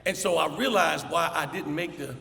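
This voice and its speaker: Energetic man speaking in an echoey hall. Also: on the high side, moderate pace, vocal fry, slight background noise. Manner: storytelling with energetic acted-out dialogue. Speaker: commencement speaker. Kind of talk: motivational commencement speech. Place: large hall. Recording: echoey hall, faint ambience.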